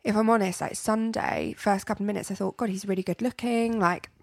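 Young woman chatting on a podcast, bit of vocal fry, dry close sound, rambly storyteller. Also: medium pitch, steady tone, brisk, darkish tone, no echo. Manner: chatty storytelling with many fillers and repeats. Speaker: podcast co-host. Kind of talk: casual chat.

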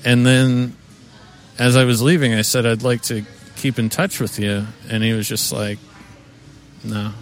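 A man's voice: medium pitch, level tone, normal speed, faint music behind. A man co-hosting a podcast, telling a story in laid-back casual chat with crude asides. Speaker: podcast co-host.

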